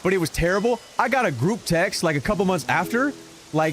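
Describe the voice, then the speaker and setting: A man streaming a game and telling a story in casual chat, animated and given to exaggerated repetition. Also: high-pitched, brisk, faint music behind. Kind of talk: casual storytelling while gaming.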